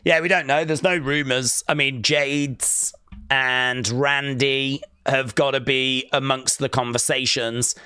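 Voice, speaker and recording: A man hosting a live watch-along stream, chatting casually and jokily, reading out chat and breaking into sudden excited shouts. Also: mid-range voice, slow, clean tone, no room sound. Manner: excitable, jokey, with sudden loud outbursts.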